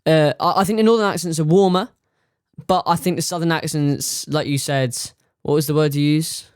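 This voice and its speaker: A teenage boy co-hosts a casual debate podcast, halting and hesitant as he works through his points. His voice sits a little high. The sound is dry and close. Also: steady tone, smooth, dry recording. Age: teen. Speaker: podcast co-host, son.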